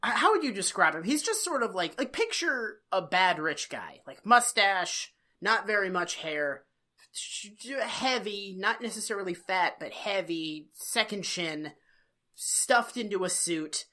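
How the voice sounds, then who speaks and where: A woman co-hosting a casual podcast, recapping a TV episode with salty language and bursts of mimicry. Her voice sits in a middling pitch and has a bright ring to it. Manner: profane, animated recapping with quick impressions. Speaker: podcast co-host.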